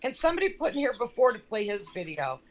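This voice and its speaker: A woman's voice: on the high side, very animated, fast talker, slight background noise. A woman joking around as a guest in a casual live-stream group chat. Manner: goofy and joking.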